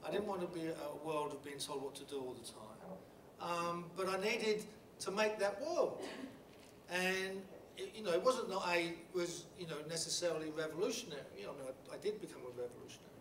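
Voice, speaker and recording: A middle-aged Englishman speaks at a panel talk, telling a story in a halting, blunt way with many restarts and fillers. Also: on the high side, fairly bright tone. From England. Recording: roomy hall from a distant mic with background noise.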